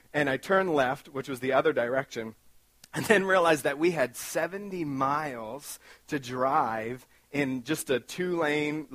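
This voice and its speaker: Male guest speaker, animated self-mocking storyteller, dry mid-range voice. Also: medium pitch, dry recording. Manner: animated, self-mocking, acts out his own panic. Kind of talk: storytelling sermon talk.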